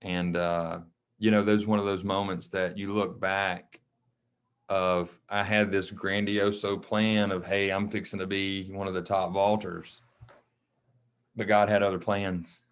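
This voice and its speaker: Low-voiced coach telling stories. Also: male voice, unhurried, clear, resonant tone. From Mississippi. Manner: lively, emotional storyteller who acts out quoted dialogue. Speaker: coach and podcast guest. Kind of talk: casual storytelling interview.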